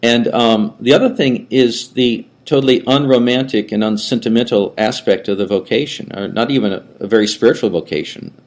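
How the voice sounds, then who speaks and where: A man's voice: medium pitch, brisk, few pauses, darkish tone. An older man who is a priest, giving a conversational lecture that rambles, with frequent restarts and asides. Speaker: Orthodox priest teaching a class.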